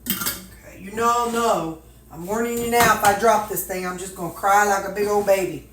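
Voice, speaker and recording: An older woman from Missouri, USA, a weight-loss vlogger, chats casually and folksily with her viewers while packing meals in her home kitchen. Her mid-range voice keeps a fairly even intonation at a moderate pace, and she talks to herself with drawling asides. The recording is noisy, with an echoey kitchen and clattering dishes.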